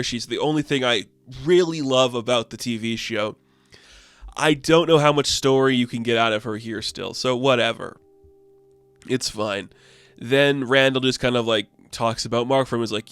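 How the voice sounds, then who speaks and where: A man's voice: mid-range voice, moderate pace, a bit bright, clean tone, no echo. A man casually reviewing a comic book in a rambling, offhand way, full of fillers.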